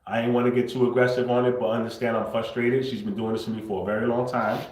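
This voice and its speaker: A man hosting a livestream, talking unscripted and confrontationally, swinging between low muttering and loud outbursts. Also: little pitch movement, quick pace, roomy sound, rough recording. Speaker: livestream host.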